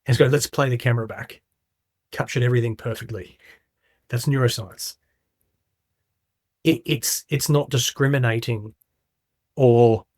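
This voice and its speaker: A man's voice: medium pitch, no echo, clean studio sound. A middle-aged man, a podcast guest, making his points with emphatic stories and rhetorical questions. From Australia. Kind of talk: casual podcast conversation.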